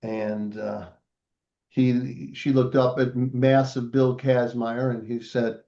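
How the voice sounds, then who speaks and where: A man's voice: medium pitch, slow, dark tone, dull audio. An older man, a podcast guest, telling a family story in a casual interview and acting out the voices of the people in it.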